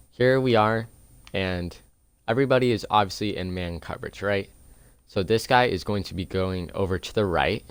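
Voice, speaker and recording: A young man casually explaining a football video game's defensive plays step by step, chatty and relaxed, recorded at home on a close desk mic. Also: low voice, smooth, no echo. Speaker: gaming video creator. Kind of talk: casual gameplay tutorial.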